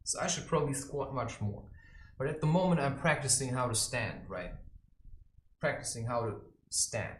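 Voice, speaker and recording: A man vlogging in a rambling, provocative monologue, ranting animatedly from a bare room indoors. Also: mid-range voice. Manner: animated, provocative, ranting, often laughing at himself. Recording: echoey room.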